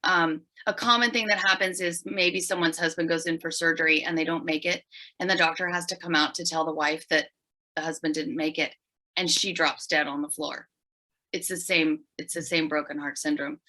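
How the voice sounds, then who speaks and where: A middle-aged woman, a podcast guest, telling her story in an animated, emphatic way. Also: lowish voice, low-quality recording. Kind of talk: storytelling in an interview.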